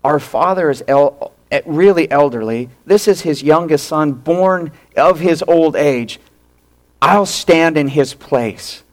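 A male pastor preaching a sermon, retelling a story with animated acted-out quotes and hushed drops for emphasis. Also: a little high, slow pace.

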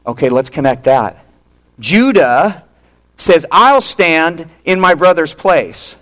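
Male pastor, unhurried sermon delivery, acts out the characters' lines, sudden hushed asides. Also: fairly high pitch. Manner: animated storytelling, acting out quoted lines.

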